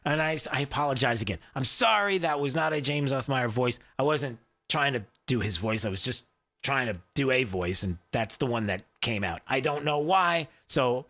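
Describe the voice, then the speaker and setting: A man's voice: medium pitch, animated, normal speed, pushed and bright. A man hosting a talk radio show, rambling conversationally with plenty of fillers and restarts.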